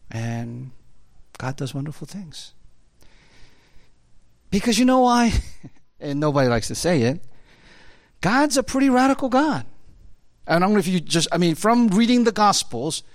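A male pastor gives a loose, conversational sermon. His fairly high voice swings widely in pitch as he chats along, full of fillers and quick laughs. The sound is close and dry. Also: no room sound. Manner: casual and chatty, full of fillers, laughing often.

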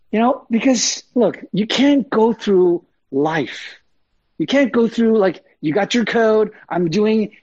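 A man preaches in a loose, conversational way, with fillers, asides and emphatic repeats. His voice sits a little high and sounds husky. The recording is dry and somewhat dull. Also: lively intonation, takes it slowly, darkish tone, no room sound. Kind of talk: sermon.

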